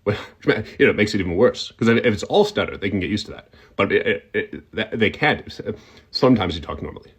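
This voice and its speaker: A young man walks through a comedy impression step by step, talking in a relaxed instructional way. His voice sits on the low side, and he often stops mid-thought to demonstrate. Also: fairly quick, breathy edge. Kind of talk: comic tutorial.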